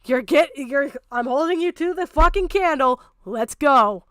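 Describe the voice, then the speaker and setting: A woman's voice: high voice, lively intonation, unhurried, a bit bright, no echo, studio quality. A woman streamer giving blunt, profane commentary on a video, ranting and mocking as she talks.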